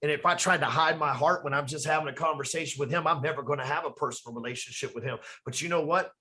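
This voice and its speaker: A man's voice: fairly high pitch, quick pace, pushed and bright. A man talking as a podcast guest from his office, emphatic and rambling, with plenty of swearing. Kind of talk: casual podcast conversation.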